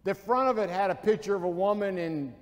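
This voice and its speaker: A man's voice: sits high, brisk, in a large hall. A man preaching a folksy sermon in a church, asking his listeners questions and answering them himself. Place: church sanctuary.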